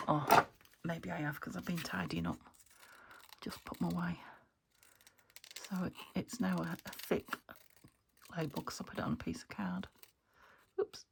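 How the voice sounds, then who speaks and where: Gravelly low-voiced British woman, musing softly. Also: big pitch swings, moderate pace, long pauses, slight background noise. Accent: British English. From United Kingdom. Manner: muses aloud while working, often trailing into soft half-whispers. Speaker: craft channel host. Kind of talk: casual crafting commentary.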